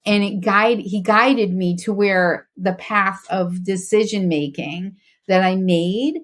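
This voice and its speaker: A woman's voice: mid-range voice, takes it slowly. A woman guest on a faith podcast, talking earnestly and reflectively about her journey, with frequent restarts.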